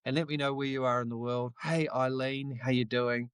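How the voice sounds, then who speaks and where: A man's voice: medium pitch, fairly even intonation, normal speed, clean tone, no echo. A middle-aged man from New Zealand with a New Zealand accent, giving an earnest, reflective motivational talk on a live stream, with the odd casual swear. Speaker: livestream host.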